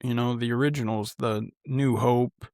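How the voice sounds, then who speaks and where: A podcast co-host chats casually, laid-back and enthusiastic, in a mid-range, darkish voice with fairly even intonation at normal speed. The recording is dry, with clean studio sound.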